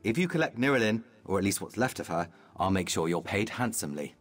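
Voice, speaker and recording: An actor playing a vain, haughty high elf nobleman in a video game, speaking in a prim, disdainful manner. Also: animated, fast talker, faint music behind. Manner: pompous, aloof and disdainful. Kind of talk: game voice acting.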